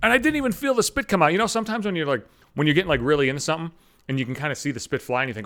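Brief: male podcast host, swearing and exasperated, lively swings in a higher-than-usual voice. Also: very fast. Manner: profane, exasperated, self-mocking, animated storytelling. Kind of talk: solo comedic rant.

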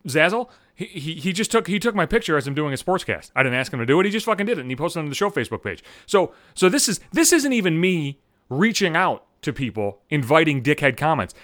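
A man's voice: fairly high pitch, a bit bright, no room sound, studio quality. A man hosting a solo podcast from home, ranting in a heated, profane way and stumbling over restarts. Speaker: podcast host. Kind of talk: solo comedic rant podcast.

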